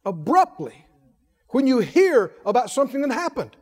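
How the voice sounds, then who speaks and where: High-voiced, lively preacher man. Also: long reverb tail. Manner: rising to shouted declarations, drawn-out emphatic phrases; leads the congregation to repeat lines. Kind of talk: sermon with call-and-response.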